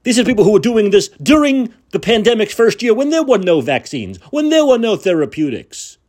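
A man's voice: sits high, very animated, a little fast, darkish tone. Furious, profane man ranting. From United States. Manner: angry, profane, sarcastic ranting; repeats words for emphasis. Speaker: podcast host. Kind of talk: political rant monologue.

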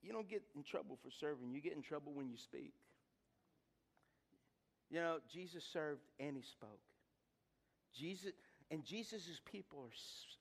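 High-voiced, lively middle-aged male preacher. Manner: lively, humorous, rhetorical questions to the congregation; repeats words and restarts while building stories. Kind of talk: sermon with storytelling.

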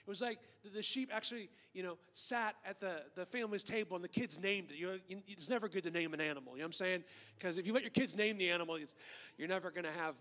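A pastor with a high-pitched voice preaching a sermon as a casual story. He voices the quotes in the story, stumbles and repeats words, and slips in joking asides. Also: quick pace, sharp tone, big-room sound. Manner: conversational storytelling, acts out the quotes; frequent word repeats and restarts.

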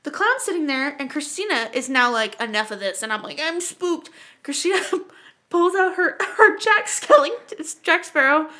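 Podcast co-host, young woman from Canada, high and bright voice, swears freely, acts out every voice in her stories. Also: normal speed. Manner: animated, profane, acts out voices. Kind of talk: casual storytelling chat.

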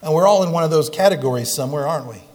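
Higher-voiced pastor preaching in an echoing church. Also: male voice, rapid-fire, darkish tone. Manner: conversational preaching, asks the congregation questions. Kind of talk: sermon. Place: church sanctuary with pews.

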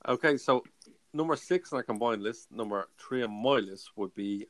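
A man's voice: medium pitch, moderate pace, dry recording. A man, co-hosting a podcast in an upbeat, casual chat. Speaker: podcast co-host. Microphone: remote call mic.

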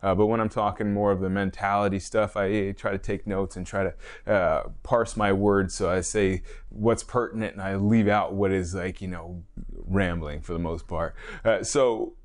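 A man's voice: deep voice, fairly even intonation, moderate pace. A man hosting a casual solo fitness podcast, talking in a rambling way, correcting himself and chuckling often. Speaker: podcast host, fitness trainer.

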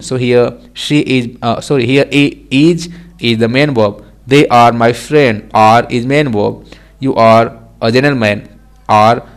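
A man teaching an English grammar lesson, reading example sentences and repeating words slowly with small self-corrections. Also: medium pitch.

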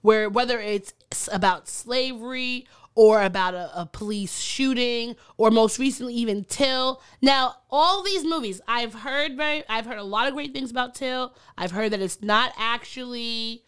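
High clear-voiced woman podcast host. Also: moderate pace, few pauses, a bit bright. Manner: chatty, laughs often. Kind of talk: casual chat.

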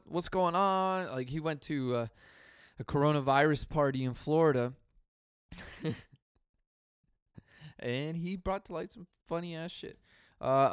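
A man from Southern California hosting a casual solo podcast into a boom mic at home, swearing a lot, laughing often and bursting into loud mock yelling. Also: clear, resonant tone, no room sound, studio quality. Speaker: podcast host.

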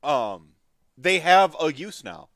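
A man's voice: fairly high pitch, very animated, takes it slowly, a bit bright, no room sound, studio quality. A man hosting a casual hobby podcast, talking in a rambling, friendly way with lots of filler words and frequent laughs. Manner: laughs often, friendly and upbeat. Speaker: podcast host.

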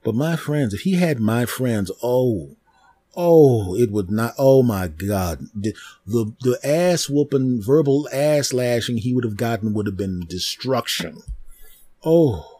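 Animated male comedy podcaster telling a story. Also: mid-range voice, slow, slightly rough, dry recording, studio quality. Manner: animated, repetitive, with mouth sound effects. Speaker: podcast host.

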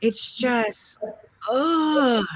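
A woman's voice: sits high, drawn-out words. A woman teaching a photography course, giving gushing, effusive praise to a student over a live stream. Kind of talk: live-streamed critique session.

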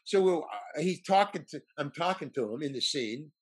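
A man's voice: on the high side, animated, moderate pace, husky. A male actor telling a rambling story as an interview guest, restarting and stammering often. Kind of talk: casual anecdote telling.

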